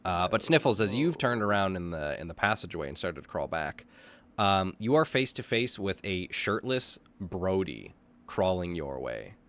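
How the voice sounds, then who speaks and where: A man narrating as game master of a tabletop role-playing game, telling the scene with animated delivery. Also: low-pitched, normal speed. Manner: animated narration, shouting lines of characters.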